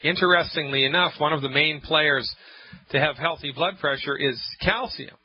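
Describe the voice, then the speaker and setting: A naturopath hosting a call-in health radio show talks at a moderate pace in a somewhat high voice with a breathy edge. Over the dull lo-fi audio he is emphatic and playful, ranting and acting out quotes in mock anger.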